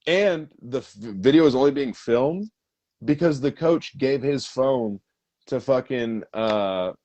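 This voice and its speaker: A man's voice: mid-range voice, expressive, takes it slowly, a little mellow, dull audio. A man co-hosting a casual podcast, telling a story in a rambling, profane way. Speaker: podcast co-host. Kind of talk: casual chat.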